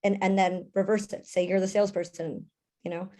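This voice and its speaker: A young woman talks as a panelist in a relaxed discussion. Her voice sits in an ordinary middle range, and she chats with quick asides. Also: mid-range voice. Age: young adult.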